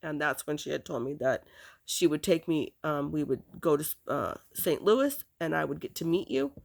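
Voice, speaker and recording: A woman recounting a painful personal memory, halting, with many fillers and restarts. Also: sits low, lively intonation, vocal fry, a little mellow. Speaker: storyteller.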